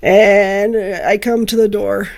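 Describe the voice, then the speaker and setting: A woman's voice: mid-range voice, level tone, gravelly, darkish tone. Earnest middle-aged woman telling a story. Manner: earnest, heartfelt, halting restarts. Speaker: teacher and foster parent, author guest. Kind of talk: personal storytelling in an interview.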